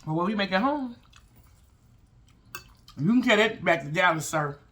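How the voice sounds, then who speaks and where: A man's voice: high-pitched, animated, moderate pace, fairly bright tone. Chatty man eating on camera. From Chicago. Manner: chatty, talks to viewers while eating. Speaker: mukbang vlogger. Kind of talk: casual mukbang chat.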